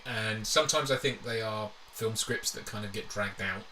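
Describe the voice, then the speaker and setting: Man, lowish, rambly chat, distant mic, faint noise. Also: normal speed, bright, forceful tone. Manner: rambling, laughs often, many fillers and restarts. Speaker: co-host. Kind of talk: casual chat. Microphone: lavalier.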